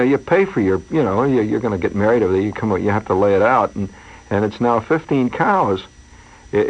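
A man's voice: mid-range voice, breathy edge. A man hosting a radio show, rambling through a wry comic monologue full of asides and digressions. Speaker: radio host. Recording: dull lo-fi radio broadcast.

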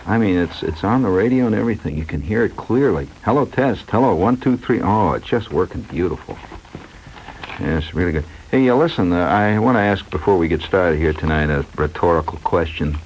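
A low, slightly husky man talks his way through a meandering late-night radio monologue, his pitch swinging up and down as he muses and tells stories with plenty of asides. The sound is dull and lo-fi, like an old radio broadcast from a studio. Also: animated, a little fast, a little hiss or hum. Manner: wry storyteller, musing aloud with many fillers and asides. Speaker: radio host.

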